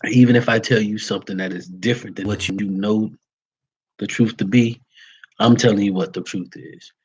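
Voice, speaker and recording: A man's voice: lowish voice, steady tone, moderate pace, a little mellow, husky, low-quality recording. A man who is a Vodou priest, talking casually and plainly to his followers and calling them y'all. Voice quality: folksy and plain-spoken, uses y'all. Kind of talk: casual livestream talk to followers.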